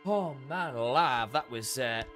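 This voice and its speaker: A man's voice: medium pitch, lively intonation, measured pace, fairly bright tone, faint music behind. A man streaming a game live, chatting casually to viewers and muttering to himself while he fiddles with his settings.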